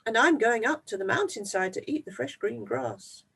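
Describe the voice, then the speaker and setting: A storyteller voicing a small, thin, timid young billy goat who pleads in a high little voice. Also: lively intonation, normal speed, vocal fry, a bit bright, breathy edge, distant mic, full character voice. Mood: pleading. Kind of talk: storybook read-aloud.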